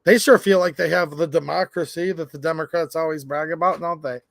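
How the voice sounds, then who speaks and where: A man hosting a casual live stream, chatting and reading viewer comments aloud in an animated way. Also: a little high, a little fast, vocal fry, no echo, clean studio sound. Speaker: livestream host. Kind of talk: casual livestream chat.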